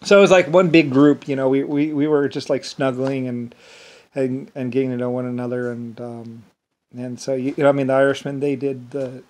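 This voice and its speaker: A man's voice: medium pitch, little pitch movement, moderate pace, mellow. A man in a rambling casual monologue, chuckling often between phrases as a vlogger.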